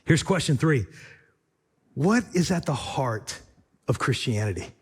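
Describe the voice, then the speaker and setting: A man's voice: medium pitch, animated, a little slow, breathy edge. A male pastor preaching a sermon with emphatic, repetitive rhetorical phrasing.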